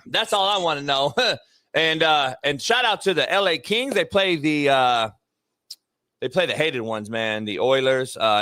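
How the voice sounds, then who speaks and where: A man's voice: medium pitch, fairly bright tone, no room sound, studio quality. A man hosting a sports talk show, ranting emphatically and with plenty of profanity about basketball.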